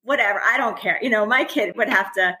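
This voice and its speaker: A woman's voice: mid-range voice, fairly quick, sharp tone, poor audio. Candid, chatty woman in her forties. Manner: candid and chatty, often laughing, with many restarts. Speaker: podcast guest, former teacher and parent. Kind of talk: casual conversational interview.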